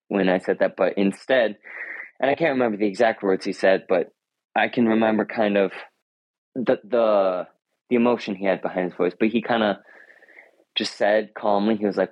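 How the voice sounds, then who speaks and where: Teenage boy, interview guest, earnest, thoughtful, low voice, dry sound. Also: darkish tone, no room sound, low-quality recording. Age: teens. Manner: thoughtful, earnest, with frequent restarts. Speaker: high school runner and guest.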